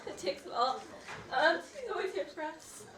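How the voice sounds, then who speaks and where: A woman's voice: high voice, animated, moderate pace. A young woman giving an emotional family speech at a party, tearful and laughing through tears, in broken sentences. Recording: echoey room, distant mic, loud crowd.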